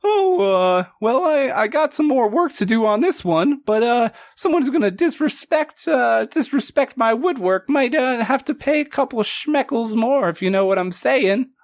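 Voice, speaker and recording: Man putting on a gruff female otter shipwright. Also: extremely high pitch, expressive, normal speed, hardly any pauses, voice pushed up. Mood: boastful. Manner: brash, boastful, crude.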